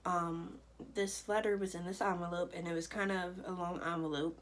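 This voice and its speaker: A woman's voice: lowish voice, level tone, moderate pace, slight background noise, rough recording. A young woman telling a personal story to camera in a loose, chatty way, full of fillers. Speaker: vlogger.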